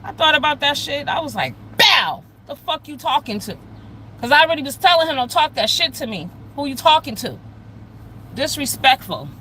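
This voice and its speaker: Blunt, loud woman ranting to her viewers. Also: high-pitched, lively intonation, brisk, slight background noise, poor audio. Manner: addresses chat viewers directly. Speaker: live streamer. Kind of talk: casual ranting livestream.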